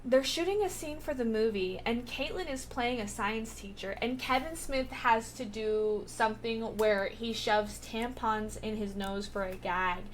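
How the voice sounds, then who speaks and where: A woman's voice: fairly high pitch, measured pace, hardly any pauses, slight background noise. A woman vlogger recapping a TV episode in a casual, rambling way, with lots of filler words and swearing.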